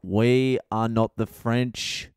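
An Australian man in middle age rants through a comedy podcast, swearing constantly and building up to loud bursts. His voice is smooth and resonant, recorded close and dry. His pitch sits right in the middle for a man. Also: very slow, no echo. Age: middle-aged. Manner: profane, rowdy, animated rant. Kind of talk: casual comedic monologue.

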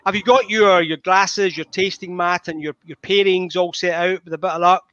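Scottish male host, high bright voice, dry dull lo-fi call audio, chatty. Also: dry recording. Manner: chatty, greets viewers by name. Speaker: host of a whisky tasting. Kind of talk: live online tasting.

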